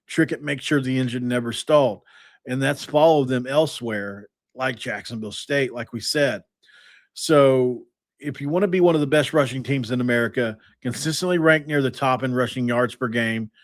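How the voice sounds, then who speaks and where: An energetic man hosts a casual sports talk show, piling up stats and tangents. His voice sits at a middle pitch. The sound is dry and close to the mic. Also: dry recording. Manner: energetic, stat-heavy, rambling. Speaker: podcast host.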